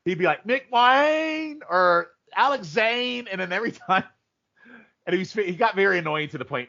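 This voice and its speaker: A man co-hosting a podcast, telling stories in animated, rambling casual chat and jumping into goofy impressions. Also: on the high side. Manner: animated storyteller, mimics people in funny voices. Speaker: podcast co-host. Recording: dull lo-fi audio.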